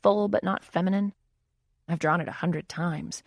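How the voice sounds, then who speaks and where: A woman's voice: on the low side, steady tone, moderate pace, creaky, no echo. A woman reading a first-person audiobook in a wry, intimate inner-monologue manner, close to the mic. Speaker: audiobook narrator.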